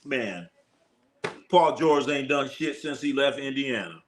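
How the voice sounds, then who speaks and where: On a live sports stream, a man with a mid-range voice reads viewer comments and jokes about them loosely and profanely. He sounds animated but slow, with a little hiss or hum in the audio.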